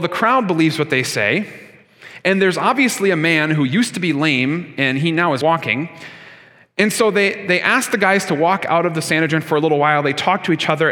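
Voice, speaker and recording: Male pastor, sermon delivery, earnest and conversational, slightly high voice, reverberant sanctuary. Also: fairly bright tone. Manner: earnest, conversational preaching with rhetorical questions. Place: church sanctuary. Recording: long hall reverb.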